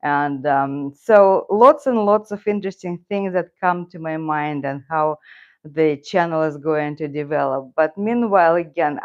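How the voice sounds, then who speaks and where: Slow-talking Russian-accented woman. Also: on the low side, lo-fi sound. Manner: rambling, talks to her cat and viewers. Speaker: streamer. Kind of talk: casual live-stream chat. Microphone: loose clip-on mic.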